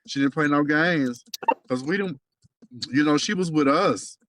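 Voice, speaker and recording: A man gossiping with his best friend on a phone call. He tells lively, profane stories in slangy talk. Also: on the high side, unhurried.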